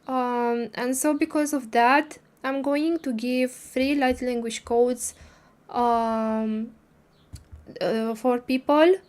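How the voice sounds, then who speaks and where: A woman's voice: fairly high pitch, darkish tone. A woman hosting a casual livestream, talking hesitantly with many fillers and restarts while recovering from a cold. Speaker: livestream host. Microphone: streaming microphone.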